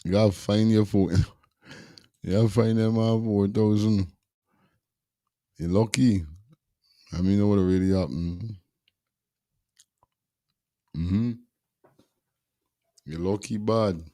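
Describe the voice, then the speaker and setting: A man's voice: lowish voice, steady tone, takes it slowly, long pauses, warm tone, no room sound, clean studio sound. A man gives casual, slangy commentary as a show host. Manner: slangy, laid-back, Caribbean Creole phrasing.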